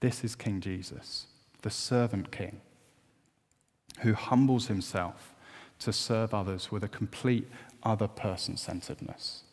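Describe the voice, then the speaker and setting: Earnest preacher in a reverberant hall. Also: male voice, on the low side, fairly even intonation, a little slow. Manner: earnest, rising to emphatic. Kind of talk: sermon.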